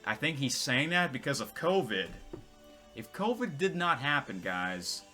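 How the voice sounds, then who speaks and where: A man's voice: mid-range voice, big pitch swings, unhurried, bright, forceful tone, faint music behind. A man vlogging in casual commentary, rambling with many restarts and self-corrections. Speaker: vlogger reading tweets.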